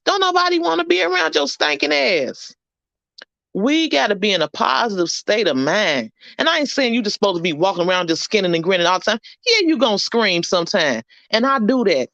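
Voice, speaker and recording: A woman vlogger giving an animated, preachy and comic motivational talk on her channel, full of blunt slang and the odd swear word. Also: fairly high pitch, gravelly, no echo, muffled recording. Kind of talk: motivational live-stream chat.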